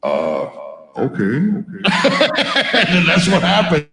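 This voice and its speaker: A man telling stories in a casual chat, swearing freely and talking with loud, boisterous energy. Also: high voice, huge pitch swings, drawn-out words, roomy sound, a crowd in the background, rough recording. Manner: profane, boisterous storyteller. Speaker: musician.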